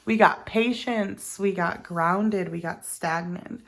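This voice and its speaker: A woman's voice: mid-range voice, animated, slow pace, few pauses. A woman giving a casual tarot card reading, chatty and meandering, with many ums and self-corrections. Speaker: tarot reader.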